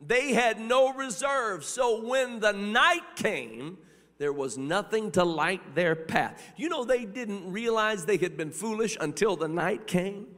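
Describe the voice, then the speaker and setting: A man's voice: high-pitched, a bit bright. A man preaching a sermon with a rhythmic cadence, repeating phrases and calling out hallelujah. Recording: long reverb of a large hall.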